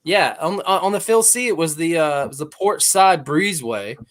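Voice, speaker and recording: Lively, playful male podcast co-host. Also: a little high, moderate pace. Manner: playful, teasing, jokey comedian patter. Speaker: Navy veteran. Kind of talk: casual podcast banter.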